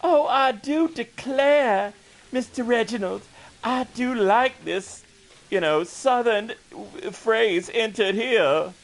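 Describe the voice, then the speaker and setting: A man's voice: very high-pitched, slow, voice pushed up, exaggerated voice, poor audio. A man voicing an exaggerated genteel Southern belle lady with a flowery drawl. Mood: gushing.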